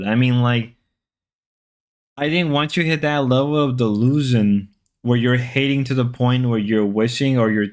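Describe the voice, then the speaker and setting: A man hosting a casual livestream, chatting loosely and reading viewer comments, repeating himself as he rambles. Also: mid-range voice. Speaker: livestream host.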